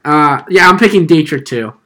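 A young man hosting a casual chat about movies, animated and quick to laugh. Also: a little high. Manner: animated, laughing, quoting movie lines in funny voices. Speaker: podcast host.

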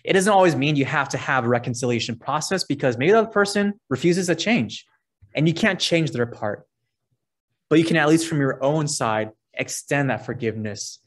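Earnest male pastor preaching. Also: medium pitch. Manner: earnest, conversational preaching with verse readings. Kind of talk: sermon.

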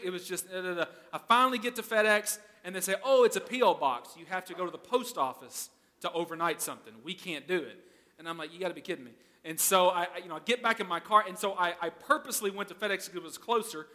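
A man's voice: high-pitched, pushed and bright, in a large hall. A male pastor preaching a sermon in a conversational way, often asking the congregation questions.

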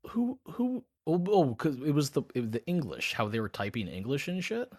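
This podcast co-host has a voice on the high side and talks fairly quickly. In casual chat he tells a story, swearing freely and animatedly acting out both sides of a conversation.

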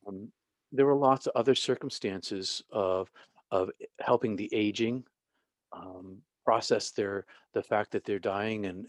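A man, a former pastor and end-of-life counselor, telling stories as an interview guest with halting restarts. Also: lowish voice, no room sound, clean studio sound. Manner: halting, many restarts, vivid retelling.

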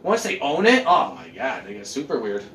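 A man hosting a casual podcast from his couch, ranting in a profane, animated way. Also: a little high, moderate pace, slight background noise. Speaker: podcast host. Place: living room at home, on a couch. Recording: echoey room.

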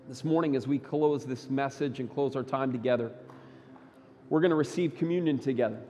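A man preaching a Sunday sermon as pastor, emphatic, swinging between loud bursts and quiet low lines. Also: a little fast, big-room sound, lo-fi sound, a little hiss or hum. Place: church sanctuary.

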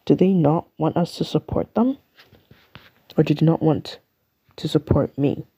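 A woman's voice: sits low, measured pace, mellow, breathy edge. A young woman from the UK with an English accent, chatting and rambling through her solo podcast in a self-mocking way. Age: young adult. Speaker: podcast host. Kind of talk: casual solo podcast chat.

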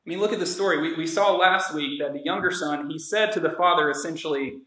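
A man's voice: fairly high pitch, fast talker, bright, forceful tone, roomy sound, low-quality recording. A man preaching a sermon in an earnest, conversational way, acting out the voices of the story's characters. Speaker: pastor.

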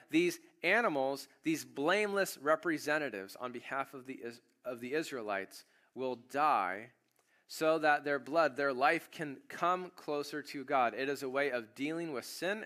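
A man preaching a sermon, reading scripture aloud and explaining it in a casual, animated way. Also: medium pitch. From United States. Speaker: pastor.

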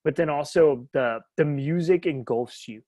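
A man in his thirties co-hosting a podcast, talking in a rambling, animated way and laughing often. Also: fairly high pitch, unhurried, no room sound. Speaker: podcast co-host. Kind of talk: casual chat.

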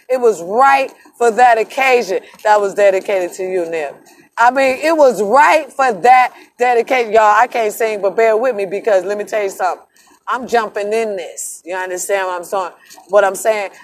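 Woman vlogger, slightly high voice, emphatic and emotional, casual profane monologue to camera. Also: a little hiss or hum. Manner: emotional, emphatic, profane, addresses viewers as y'all. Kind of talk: casual vlog monologue to viewers.

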